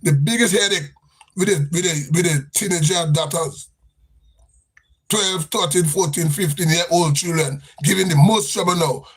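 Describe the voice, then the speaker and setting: A man's voice: on the high side, moderate pace, breathy edge. A man with a Grenadian accent giving an impassioned, repetitive political rant on a livestream. He talks with a sing-song cadence. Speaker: livestream host.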